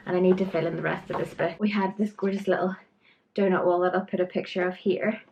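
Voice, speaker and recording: A woman's voice: fairly low pitch, fairly even intonation, fast talker, creaky, dark tone, highs cut off, a little hiss or hum. A woman talking in a casual, chatty vlog. She is out of breath, often apologizes, and sighs and laughs as she talks. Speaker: vlogger.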